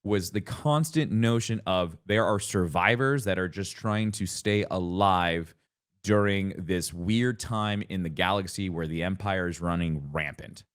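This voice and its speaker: A man in casual podcast chat with a low voice, rambling through long thoughts. He restarts his sentences often and gets louder when excited. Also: measured pace. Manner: animated, rambling with frequent restarts. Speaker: podcast co-host. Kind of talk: casual gaming discussion.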